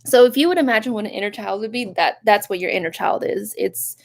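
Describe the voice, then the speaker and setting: Soft, rambling young woman reader. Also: mid-range voice, fast, creaky. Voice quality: soft-spoken, rambling, greets viewers with sudden excitement. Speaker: live tarot reader. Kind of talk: casual live-stream reading.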